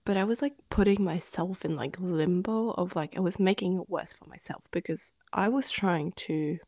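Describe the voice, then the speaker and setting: A woman co-hosting a podcast, telling a personal story in a candid, rambling way and often dropping into a hushed voice. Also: fairly low pitch, normal speed, dry recording. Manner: candid, rambling, drops into hushed whispers when retelling. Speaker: podcast co-host. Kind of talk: casual storytelling chat.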